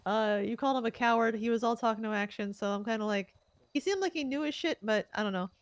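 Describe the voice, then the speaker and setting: A woman playing a police interviewer in a game roleplay, chatty and quick with fillers like "like" and "um". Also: on the high side, no echo. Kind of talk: casual game roleplay chat.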